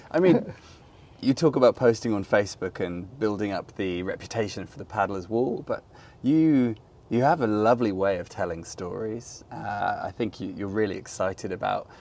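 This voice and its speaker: Low-voiced Englishman in his forties. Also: normal speed, a little mellow, slight background noise. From England. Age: 40s. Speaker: host, interviewer. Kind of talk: casual interview.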